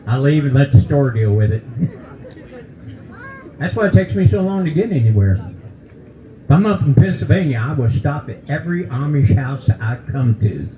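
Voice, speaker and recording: On a brewery stage before a live audience, a stand-up comic in his seventies speaks with a mid-range, animated voice at a moderate pace, pausing often. He's folksy, ribs the crowd, and jokes about old age, and the narrow, tinny audio has a noisy background.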